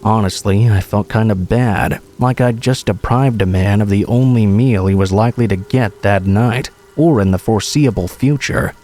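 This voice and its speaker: A man reading true horror stories aloud as scripted narration, in a steady, measured way. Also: lowish voice, slight background noise.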